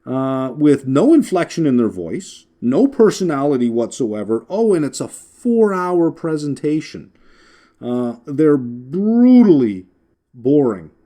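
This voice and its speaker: A man's voice: fairly high pitch, sing-song, takes it slowly, mellow. A man teaching a recorded finance lecture in a conversational way, with frequent fillers, restarts and wry asides. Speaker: finance instructor.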